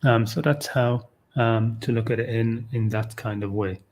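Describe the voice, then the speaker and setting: A man's voice: mid-range voice, steady tone, moderate pace, a little mellow. A man giving an unscripted livestream talk on a scripture verse, thinking aloud with frequent restarts and "okay, you know". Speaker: Qur'an teacher.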